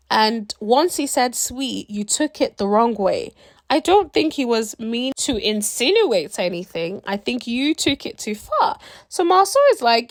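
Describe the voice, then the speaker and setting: A woman chats casually through a reality show recap, sassy and animated, acting out quotes as she goes. Her voice sits a little high and swings widely in pitch. The sound is dry, with no room echo. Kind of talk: casual commentary.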